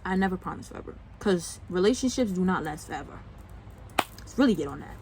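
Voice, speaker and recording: A man's voice: high-pitched, poor audio. A young man vlogging, venting about a breakup in a heated, sarcastic, profane way. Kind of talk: venting story-time vlog.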